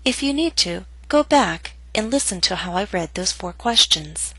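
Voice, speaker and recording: A woman teaching English pronunciation in scripted narration, reading model phrases slowly and clearly. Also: medium pitch, animated, a bit bright, dry recording, low-quality recording.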